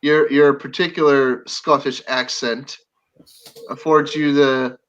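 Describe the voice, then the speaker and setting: A man's voice: mid-range voice, little pitch movement, slow, dull audio. A man hosting a livestream panel in casual chat, joking and laughing often. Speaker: livestream host.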